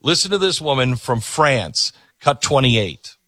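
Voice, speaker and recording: A man's voice: mid-range voice, very animated, measured pace, fairly bright tone, no room sound, clean studio sound. A man hosting a show, commenting emphatically on clips he plays. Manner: emphatic, preachy. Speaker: commentator host.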